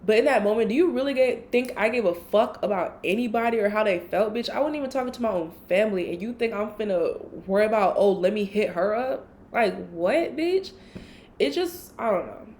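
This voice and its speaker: A woman hosting a solo podcast, telling a personal story in a blunt, profane, animated way. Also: medium pitch, a little hiss or hum. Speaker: podcast host.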